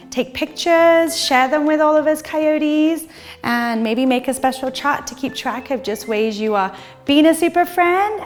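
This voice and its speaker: Female preschool teacher, fairly high voice, sing-song and encouraging, faint music behind. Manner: sing-song, slow and encouraging, talks to little kids. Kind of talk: virtual circle time for young children.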